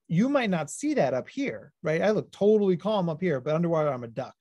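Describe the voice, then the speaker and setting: Man, clinical psychologist, animated and upbeat, slightly high voice, close dry sound. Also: quick pace, few pauses, no room sound. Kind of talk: educational webinar presentation.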